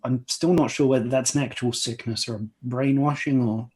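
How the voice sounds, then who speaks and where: A man's voice: medium pitch, fairly even intonation, moderate pace, darkish tone. A man playing a tabletop game, answering in character in a chatty, hesitant way. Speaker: player. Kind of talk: casual tabletop play.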